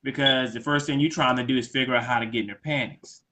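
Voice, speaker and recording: Relaxed male co-host, bright open tone, thoughtful chat. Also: mid-range voice, quick pace. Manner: laid-back, reflective, acts out quoted lines. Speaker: podcast co-host. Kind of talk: casual conversation.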